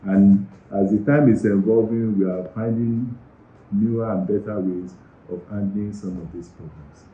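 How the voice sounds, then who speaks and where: A man's voice: fairly low pitch, fairly even intonation, normal speed. A middle-aged man with a Nigerian accent, a university medical director giving earnest, emphatic interview answers in an office. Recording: roomy, slightly dull recording.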